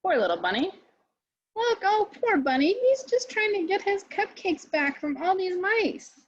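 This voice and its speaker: A woman, a children's librarian, reading a picture book aloud to children in an animated, expressive way. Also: very high-pitched, a little slow. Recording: dry, dull lo-fi sound.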